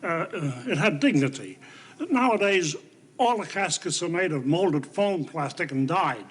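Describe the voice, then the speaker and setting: A wry, understated old grandfather in a 1970s TV soap opera. His older voice is husky, and his pitch rises and falls a lot as he talks. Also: expressive, measured pace, fairly bright tone, full character voice. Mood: musing. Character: dry-witted old grandfather, wry and plain.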